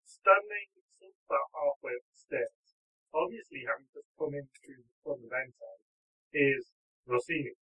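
A man narrating a tabletop game as game master, animated and giggly as he tells the story. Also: mid-range voice, moderate pace, slightly rough. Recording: tinny phone-like line.

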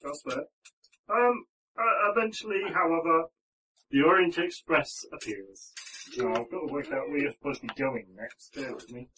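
A man's voice: a little high, expressive, moderate pace, pushed and bright, far from the mic, a little hiss or hum, rough recording. A man narrating as the game master, rambling along with frequent ums and restarts.

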